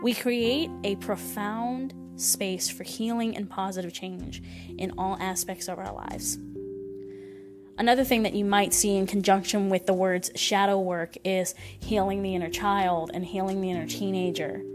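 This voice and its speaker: Gentle woman podcaster over music. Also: medium pitch, fairly even intonation, unhurried. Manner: gentle, reflective and encouraging. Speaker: podcast host. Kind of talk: solo spiritual podcast talk. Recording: voice over clear background music. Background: instrumental music.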